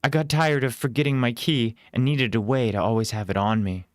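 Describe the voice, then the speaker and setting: A man's voice: medium pitch, brisk, no echo, studio quality, voice pushed up, lightly acted. A man reading a storybook, voicing a blunt, brash young woman warrior. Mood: offhand.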